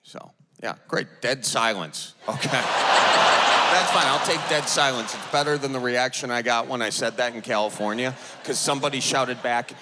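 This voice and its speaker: Bright-voiced Midwestern comedian on stage. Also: male voice, mid-range voice, normal speed, big-room sound. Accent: Upper Midwest American. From Midwest United States. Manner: self-deprecating, acts out characters in dialogue. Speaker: stand-up comedian. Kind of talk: stand-up comedy set. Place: large theater stage with audience.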